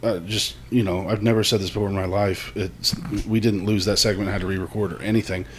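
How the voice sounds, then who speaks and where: A man's voice: on the low side, steady tone, fast, slight background noise. A man co-hosting a podcast, trading playful jokes in casual chat. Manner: jokey, playful banter. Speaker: podcast co-host.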